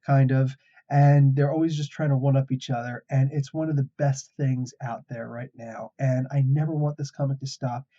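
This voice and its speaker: A man's voice: medium pitch, steady tone, normal speed, warm tone. A man hosting a casual comic book review, an enthusiastic storyteller who chuckles as he recaps. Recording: dull lo-fi recording.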